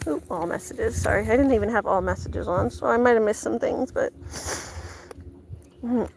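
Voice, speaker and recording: A young woman chatting casually with her live chat from her garden, slipping into high sing-song baby talk with her dog. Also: normal speed, gravelly, a little mellow, slight background noise. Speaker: vlog host talking to live chat. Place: outdoors in a home garden.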